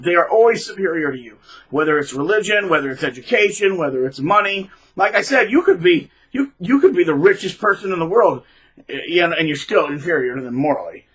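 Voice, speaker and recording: A man hosting his own channel, giving rambling, emphatic casual advice, with sudden loud bursts of emphasis. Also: a little high, expressive, brisk, husky, rough recording. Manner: rambling, with frequent restarts. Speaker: channel host.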